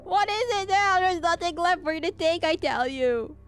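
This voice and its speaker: A woman's voice: extremely high pitch, lively intonation, normal speed, over music, voice pushed up. A woman reading a video game's dialogue as a jumpy, polite young man with old-fashioned, fussy manners. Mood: relieved.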